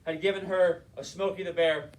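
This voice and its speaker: An impassioned man delivering a motivational leadership talk, his voice pitched high for a man. He acts out his story with feeling. The sound is roomy and picked up from a distance. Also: fairly even intonation, normal speed. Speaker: motivational speaker, school board member.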